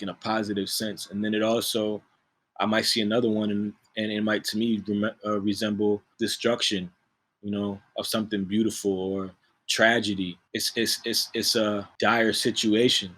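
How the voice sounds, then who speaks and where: A man, a music producer, talking in a relaxed, slangy way as an interview guest, laughing often. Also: fairly low pitch, moderate pace. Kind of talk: casual interview chat.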